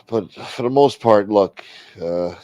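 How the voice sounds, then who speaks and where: Taking it slowly in a lowish, mellow voice, a middle-aged livestream host rambles, complains, and swears freely. The recording is dry, with dull lo-fi stream sound.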